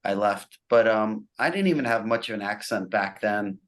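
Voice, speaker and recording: A middle-aged man from the New Jersey and New York area, USA, chats casually as a guest musician on a podcast. He's laid-back and sarcastic, breaking easily into laughter. His voice sits lowish, expressive and a bit bright, at a normal speed.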